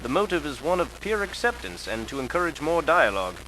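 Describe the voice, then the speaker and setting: A man narrates a mock-serious documentary, dry and pompous like an academic. His pitch moves in a lively way from line to line, and a steady noise sits under the voice. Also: fairly quick.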